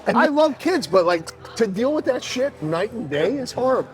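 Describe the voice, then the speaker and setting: A man, a fitness coach chatting as a podcast guest, blunt and profane, telling animated stories. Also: high voice, normal speed, faint music behind, rough recording. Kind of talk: casual podcast chat.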